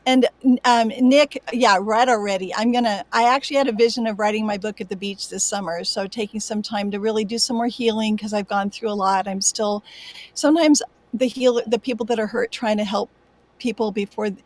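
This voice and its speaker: A woman in her sixties, a guest on an online panel, talking in an effusive, excitable way and gushing with praise for the others. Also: mid-range voice, fairly quick, no room sound. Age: 60s. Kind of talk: casual online panel chat.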